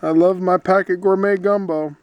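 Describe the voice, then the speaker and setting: A man vlogs his solo hike by a lake, talking into a handheld camera in a casual, playful, rambling way. His voice sits high with a steady tone at normal speed. The recording is dry, with the highs cut off.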